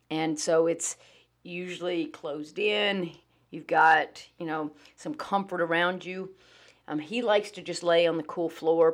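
Chatty woman dog trainer, podcast. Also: deep voice. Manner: relaxed, chatty, with many ums and uhs. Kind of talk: casual podcast talk.

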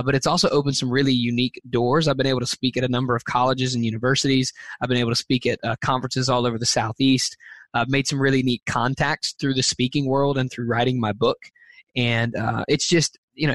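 A man's voice: medium pitch, fairly bright tone, no echo. A man being interviewed as a teacher and speaker, answering earnestly and thoughtfully, with frequent fillers and restarts.

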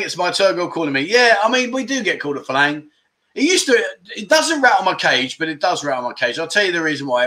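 A middle-aged man hosting a casual livestream chat show, reading out viewer comments in an animated, exclamatory way. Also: on the high side. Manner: animated and exclamatory, with loud catchphrases.

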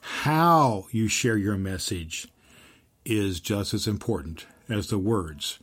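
Male podcast host, low voice, earnest storytelling teacher who leans on slow emphatic phrases. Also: lively intonation, a bit bright, husky.

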